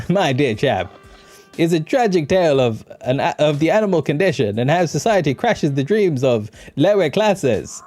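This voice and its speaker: A man's voice: a little high, big pitch swings, normal speed, a little mellow, no room sound, soft background music. A man voicing a pompous, condescending male bookseller, drawling his lines in a video game playthrough. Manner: pompous, drawling "my dear chap".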